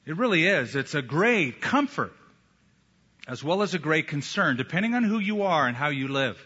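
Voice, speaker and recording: Male pastor, sermon, emphatic, bright forceful tone, dull lo-fi sound. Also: fairly high pitch, very animated, slightly rough. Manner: emphatic, slow deliberate pauses. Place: church sanctuary. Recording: echoey hall, dull lo-fi sound.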